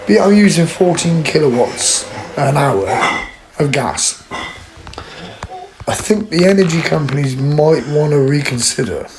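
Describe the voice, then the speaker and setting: A man's voice: a little high, animated, measured pace, background noise. Exasperated man at home. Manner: exasperated, plain-spoken. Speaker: vlogger. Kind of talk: casual complaint vlog.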